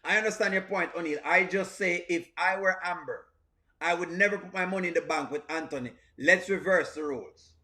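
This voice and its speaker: Fairly quick and sharp-toned, his high-pitched voice carries a strong non-standard English accent. He's a reaction channel host commenting animatedly on skits during a live stream, repeating himself and greeting his chat.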